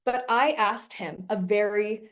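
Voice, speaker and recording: A woman's voice: medium pitch, a little slow, a bit bright. Brash, swearing woman coach, casual monologue, laughs a lot. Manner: brash, profane, laughs often. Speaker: business coach.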